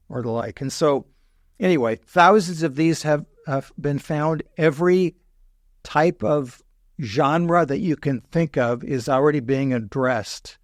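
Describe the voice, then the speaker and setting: A man's voice: medium pitch, no echo, studio quality. Older man explaining history with wry asides. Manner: digressive, self-correcting, wry asides. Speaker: history professor and podcast guest. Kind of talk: explanatory conversational lecture.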